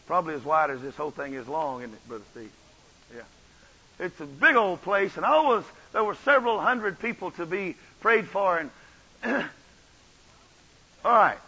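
A man preaching a revival sermon, swinging from soft asides to shouted runs. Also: sits high, expressive, normal speed, pauses often, slightly rough, highs cut off. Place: church.

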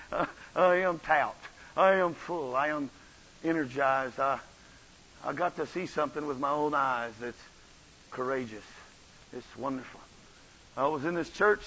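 Preacher guy, high husky voice, dull lo-fi church tape, goes quiet then hollers. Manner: fervent, swings from soft asides to shouted runs. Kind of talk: revival sermon.

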